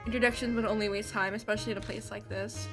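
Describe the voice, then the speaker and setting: A woman's voice: medium pitch, level tone, fast, music in the background, natural voice. A woman reading the lines of a curt woman in a lab coat from a video game, in her own voice. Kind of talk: reading game dialogue aloud.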